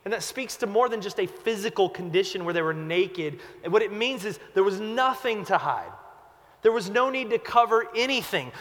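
Pastor, male, higher pitch, earnest conversational preaching, echo of a hall. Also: fairly bright tone. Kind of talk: sermon.

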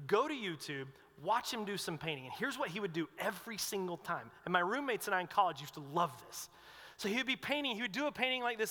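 A young adult man preaching a sermon, telling stories with swings between loud and hushed delivery. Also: high-pitched, animated, fairly quick. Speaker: pastor. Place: large hall with long reverb. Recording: long hall reverb.

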